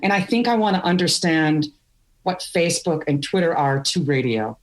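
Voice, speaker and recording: A woman's voice: low-pitched, animated, normal speed. A middle-aged woman from Wisconsin, a podcast guest telling candid stories with laughs. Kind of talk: storytelling interview.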